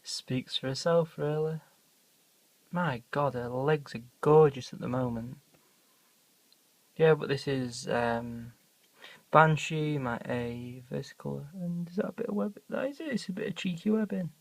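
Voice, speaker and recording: A quiet, laid-back speaker, casually narrating a pet-feeding vlog into a handheld camera at home. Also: medium pitch, measured pace, vocal fry, poor audio. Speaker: hobby pet keeper filming feedings. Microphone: handheld camera mic.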